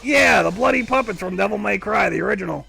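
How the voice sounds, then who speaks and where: A man with a slightly high, gravelly voice talks his way through a video game on a live stream. He rambles and questions himself wryly. Faint game music plays behind him. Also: fast talker, sharp tone. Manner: rambling, self-talking, wry. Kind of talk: casual gameplay commentary.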